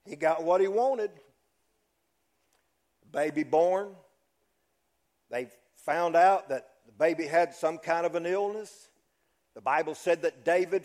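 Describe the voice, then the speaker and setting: A man preaching a sermon, telling the story dramatically and swinging from loud to hushed. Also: a little high, slow, long pauses. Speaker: pastor.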